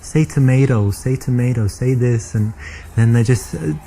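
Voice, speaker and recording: A man's voice: medium pitch, normal speed, dark tone, a little hiss or hum, lightly acted. An actor playing a cocky, boastful British man with a British accent, bragging and teasing on a date in a game. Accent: British English. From England.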